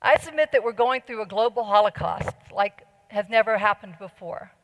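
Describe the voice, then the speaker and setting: A woman's voice: medium pitch, normal speed. Earnest woman speaking in a big hall. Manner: earnest, persuasive, asks the audience questions. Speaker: conference speaker. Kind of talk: conference talk. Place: large conference hall. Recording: long hall reverb.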